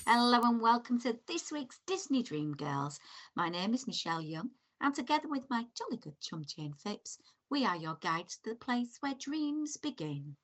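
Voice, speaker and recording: A woman co-hosting a podcast chats animatedly and tells stories with a note of exasperation. Her voice is fairly high and sing-song, at a normal speed, in a casual conversation.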